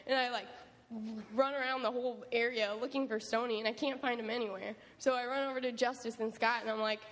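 A young woman shares a personal testimony as a camp counselor, talking in a lively, chatty way with lots of quoted asides. Her voice sits on the higher side. It is heard in a reverberant hall with faint noise behind. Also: a little fast. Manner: animated storytelling with many likes and quoted asides.

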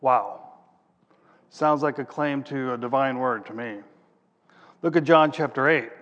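A man's voice: medium pitch, normal speed, fairly bright tone, muffled recording. A man preaching a sermon who reads scripture aloud, then explains it plainly and hunts aloud for passages as he thinks. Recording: long reverb of a large hall.

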